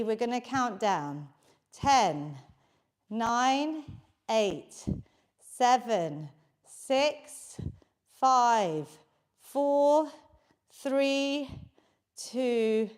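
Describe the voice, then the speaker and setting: A high-voiced woman leads a live workout class, unhurried and encouraging as she counts reps aloud. She is out of breath from exercising along, holding a handheld mic in a basement home studio. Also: big pitch swings. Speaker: fitness instructor.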